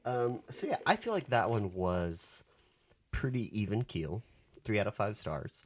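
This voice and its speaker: Teasing woman podcast co-host, extremely deep voice, lively pitch. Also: a little slow. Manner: teasing, playful. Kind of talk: casual chat.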